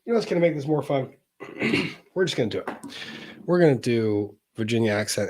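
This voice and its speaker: A man's voice: medium pitch, lively intonation, a little fast, darkish tone, no echo. A man hosting a live-streamed legal talk show, reading viewer messages aloud in a chatty, wry way with laughs and casual cursing.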